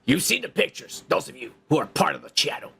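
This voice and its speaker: A man's voice: on the high side, big pitch swings, fast talker, gravelly, pushed and bright, breathy edge. A male podcast host ranting in crude, heated commentary, swearing and repeating himself.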